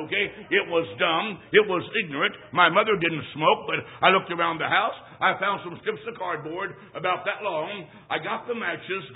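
On a tinny, lo-fi recording that sounds like a phone, a high-pitched man preaches as a traveling evangelist at a church service. He tells a funny personal story, swinging between shouts and hushed asides.

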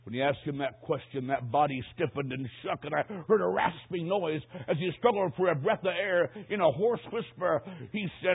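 A man preaching a sermon with dramatic storytelling that swings from hushed tones to shouting. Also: a little high, normal speed, creaky, hardly any pauses, husky. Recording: tinny, phone-like recording.

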